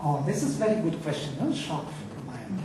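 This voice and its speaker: A man's voice: fairly high pitch, sing-song. Passionate man chanting in an echoey room. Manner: passionate, chants verses slowly. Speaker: Sanskrit teacher. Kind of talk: lecture with chanted Vedic recitation. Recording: echoey room, far from mic, faint noise.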